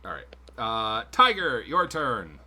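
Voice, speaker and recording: Male game master, casual and profane, bright tone, animated delivery. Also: mid-range voice, slow, a little hiss or hum. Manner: casual, swearing, laughs often. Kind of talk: narrating a tabletop game on stream.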